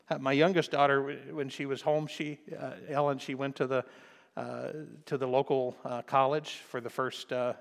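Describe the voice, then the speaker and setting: An older man preaches in a church, telling family stories with a folksy touch and rising to emphatic bursts. His voice sits at a middle pitch. It rings with a long reverb from the sanctuary around him. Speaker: pastor. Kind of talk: sermon.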